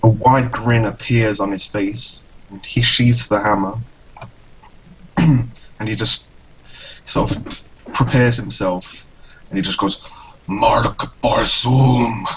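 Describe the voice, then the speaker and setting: A man playing a tabletop game, casually narrating his character's actions in halting third person. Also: fairly low pitch, steady tone, highs cut off, a little hiss or hum. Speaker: player.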